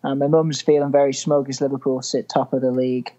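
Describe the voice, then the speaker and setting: A man's voice: medium pitch, little pitch movement, a little fast, warm tone, lo-fi sound. Young man with a mild northern English accent. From England. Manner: chatty, good-humoured storytelling. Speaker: podcast guest. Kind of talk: casual chat.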